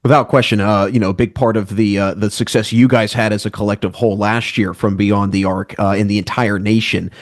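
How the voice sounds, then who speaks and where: A man's voice: on the low side, fairly even intonation, fairly quick, few pauses, no echo, studio quality. A man interviewing a coach, asking long, wordy questions with a few "uh"s.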